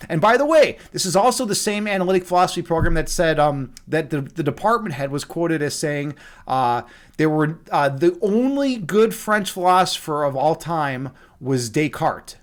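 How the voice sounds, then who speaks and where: A man hosting a livestream in casual chat, excitable and swearing often, repeating his phrases as he talks. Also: a little high, normal speed. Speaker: livestream host.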